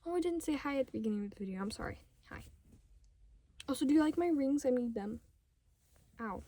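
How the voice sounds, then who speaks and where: A fifteen-year-old girl ranting casually to camera at home, rambling and sidetracked, talking fast in bursts and often dropping to a whisper. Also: fairly high pitch, mellow, no echo. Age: 15, teenager. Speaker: vlogger. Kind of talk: casual unscripted rant to camera.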